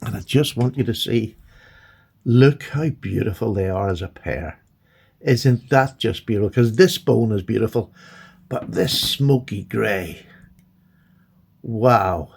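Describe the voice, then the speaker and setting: A man chatting excitedly and gushing as he unboxes and admires his new knives. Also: fairly low pitch, slow, gravelly, pauses often, husky. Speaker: knife collector vlogger. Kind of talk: casual unboxing chat.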